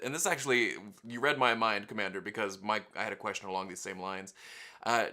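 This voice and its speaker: A man's voice: medium pitch, brisk, pushed and bright. A man hosting an interview show, asking questions in an upbeat, enthusiastic way. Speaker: podcast host. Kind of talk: casual interview chat.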